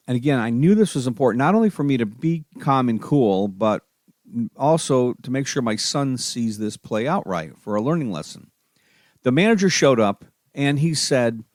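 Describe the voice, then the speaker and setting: A middle-aged man hosting a parenting podcast, telling a personal story and giving advice in a calm, steady manner. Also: mid-range voice, normal speed, no echo, clean studio sound. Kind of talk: solo podcast talk.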